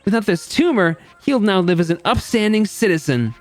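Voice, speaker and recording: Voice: medium pitch, lively intonation, normal speed, faint music behind, pitched above the performer's own voice, close to an everyday voice. A streamer voicing a gleeful, sadistic game-show host in a game, with mocking showman patter. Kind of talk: reading game dialogue aloud.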